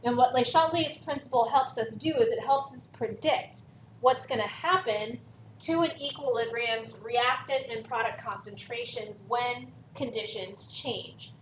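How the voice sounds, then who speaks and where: A woman's voice: on the high side, a little slow. Woman teacher in an echoey room. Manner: stresses key words, repeats for emphasis. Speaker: chemistry teacher. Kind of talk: recorded lesson walking through worksheet. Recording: echoey room, voice from far off, faint hiss.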